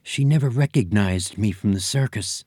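A man's voice: lowish voice, moderate pace, darkish tone, no echo, studio quality, close to an everyday voice. A man voicing a grand female elephant who talks in a fluty, drawling society lady's voice. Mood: hushed. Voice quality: fluty, cooing.

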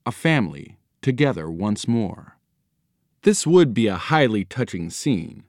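A man reading a children's storybook aloud in a studio, in an expressive, playful storytelling manner. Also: fairly low pitch, no echo. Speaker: audiobook reader. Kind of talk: storybook narration. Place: recording studio.

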